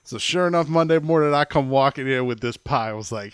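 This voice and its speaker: A man's voice: mid-range voice, a little fast, few pauses, slight background noise. A man co-hosting a podcast, telling a funny story in casual chat and laughing often. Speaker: podcast co-host.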